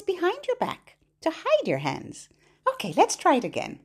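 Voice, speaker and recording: A woman's voice: very high voice, huge pitch swings, moderate pace. A woman hosting a phonics lesson for toddlers, talking in a playful, exaggerated sing-song way. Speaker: preschool phonics host.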